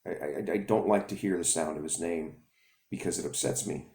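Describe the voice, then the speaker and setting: A man voicing a remorseful middle-aged father who confides in his son in a halting, confessional way. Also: rumbling low, vocal fry, warm tone, echoey room.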